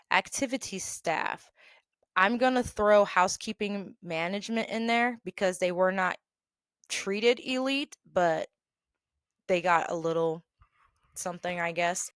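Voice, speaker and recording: A woman hosting her own show, telling stories about past jobs in a chatty, animated way, with quick asides along the way. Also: fairly low pitch, clear, resonant tone, dry recording, studio quality. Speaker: podcast host telling work stories. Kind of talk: casual storytelling.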